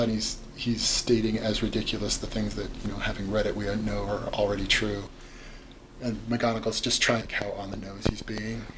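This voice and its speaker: Male podcast co-host, lowish voice, animated and rambling, faint noise underneath. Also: moderate pace, poor audio. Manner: animated, rambling, many "like" fillers and restarts. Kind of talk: casual book discussion.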